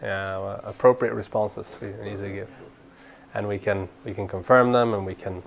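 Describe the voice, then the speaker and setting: A man's voice: fairly low pitch, normal speed, vocal fry, muffled recording. Earnest man teaching a training class. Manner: earnest, repeats words while building a point, grows animated when urging. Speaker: Bible study trainer.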